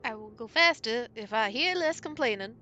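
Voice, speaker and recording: A woman player speaking in character in a tabletop game, brisk and joking. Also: fairly high pitch, lively intonation, bright, forceful tone, lo-fi sound, soft background music. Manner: brisk, joking, laughs easily.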